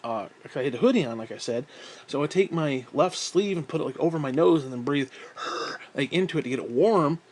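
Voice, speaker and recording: A man rambles through a story in a casual monologue, swearing freely and mocking himself. He sounds fed up, often sighs between thoughts, and his voice sits slightly high for a man. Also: lively intonation, brisk. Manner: profane, exasperated and self-mocking, with frequent sighs. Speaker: vlogger.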